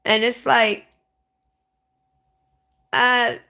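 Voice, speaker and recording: A woman's voice: on the high side, little pitch movement, very slow, gravelly, sharp tone. A woman who is sick and lightheaded, talking casually and upset to her livestream viewers, repeating herself and restarting often. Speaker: vlogger.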